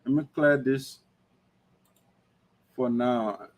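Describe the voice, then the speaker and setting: A man's voice: medium pitch, fairly even intonation, extremely slow. A man hosting an online talk show, lecturing emphatically in livestream commentary. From Liberia.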